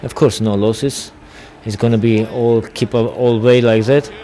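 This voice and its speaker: An Armenian-accented boxer, appearing as a guest in a casual interview, speaks broken English in a blunt, confident way. His voice is medium in pitch, steady and dark, and his pace runs a little slow.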